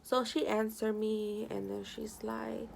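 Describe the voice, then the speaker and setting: A woman's voice: on the high side, level tone, slow pace, gravelly, slight background noise. A young woman vlogger telling a personal story in a casual, rambling way with lots of fillers, sometimes tearful. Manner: rambling, many "you know" fillers; emotional, tearful at times. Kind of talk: casual storytelling while doing makeup.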